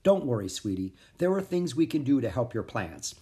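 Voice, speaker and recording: A reader doing a calm, kind mom. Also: female voice, extremely low pitch, normal speed. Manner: gentle, explaining. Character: kind, reassuring mother.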